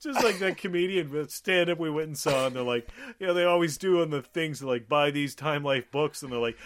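A man's voice: on the high side, fairly quick, hardly any pauses, a little hiss or hum. A man co-hosting a casual movie podcast, swearing freely and telling stories with mimicked voices. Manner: profane, animated storytelling with mimicked voices. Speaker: podcast co-host. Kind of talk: casual movie commentary chat.

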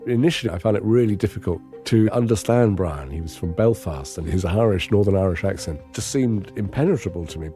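Very deep-voiced English man, reflective. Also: dark tone, soft background music. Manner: measured, understated, wry. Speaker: interviewee recounting his captivity. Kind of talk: reflective first-person testimony.

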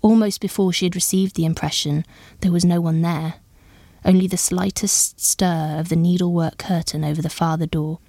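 A woman with a fairly low voice reads a story aloud at a measured pace. The sound is close and dry with no room around it. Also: fairly even intonation, creaky, warm tone, no echo. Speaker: audiobook narrator. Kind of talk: scripted story narration.

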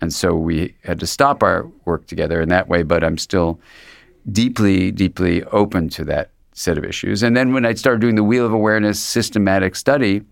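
A man's voice: sits low, normal speed, creaky, no echo. A man, a psychiatrist being interviewed, talking in a thoughtful, meandering way with frequent restarts. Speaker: psychiatrist and guest. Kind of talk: reflective conversational interview.

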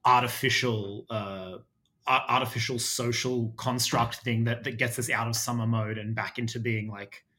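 A man's voice: mid-range voice, flat delivery, normal speed, sharp tone. Rambling Australian man chatting. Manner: rambling, many fillers and restarts. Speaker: podcast guest. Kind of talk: casual chat.

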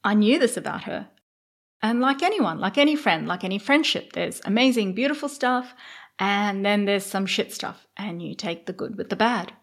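A middle-aged woman candidly telling a personal story as a podcast host, getting animated when she relives her thoughts. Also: mid-range voice, moderate pace.

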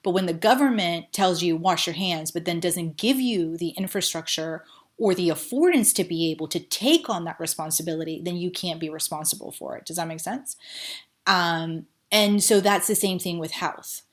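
Frank, emphatic woman with a lowish voice. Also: normal speed. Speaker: podcast guest, cognitive neuroscientist. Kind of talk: conversational interview.

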